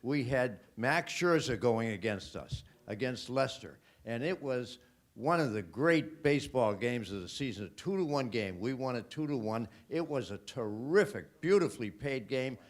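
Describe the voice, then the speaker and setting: A man on a panel at a hotel event, reminiscing thoughtfully and pausing often with fillers. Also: mid-range voice, lively intonation. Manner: reflective, hesitant with fillers.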